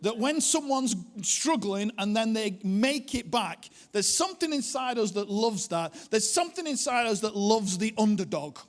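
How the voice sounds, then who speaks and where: A middle-aged man with a Northern English accent gives a sermon as a guest preacher. His voice sits high for a man, and he talks in a chatty, self-deprecating way with plenty of ums and uhs. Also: very animated, moderate pace, few pauses. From Northern England. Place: church hall.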